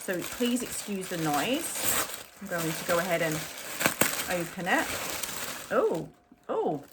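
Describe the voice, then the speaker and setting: Low-voiced woman chatting through an unboxing. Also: very animated, slow pace, very noisy. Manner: chatty and rambling, with frequent "um"s. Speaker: fashion vlogger. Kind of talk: casual unboxing chat to camera.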